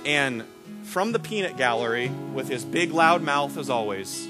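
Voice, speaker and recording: A man preaching a sermon as a pastor, animated and repetitive when excited, acting out the voices in his stories. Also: mid-range voice, moderate pace, music in the background. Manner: animated storytelling, acts out quoted voices; repeats words and restarts when excited.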